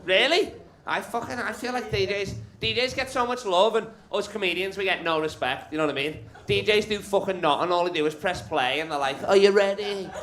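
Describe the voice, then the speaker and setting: A man's voice: high voice, a little fast, sharp tone. A man doing stand-up comedy at a club, bantering brashly with the crowd and swearing freely. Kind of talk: live stand-up crowd work. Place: comedy club stage with a live audience. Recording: live club recording with crowd.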